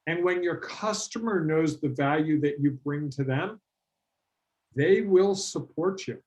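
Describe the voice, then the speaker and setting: A middle-aged man leads a business workshop in a relaxed, talky way, with a voice pitched a little above the usual for men. He tells stories and slips into the voices of the clients he quotes. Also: unhurried. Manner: animated storytelling, acts out quoted clients. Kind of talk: conversational workshop talk.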